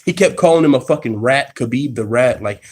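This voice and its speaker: A man talks through a live MMA reaction stream from his workplace in a casual, profane, slang-heavy way. He gets excited and restarts his sentences often, in a voice of middling pitch. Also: brisk, slightly rough. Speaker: MMA channel host.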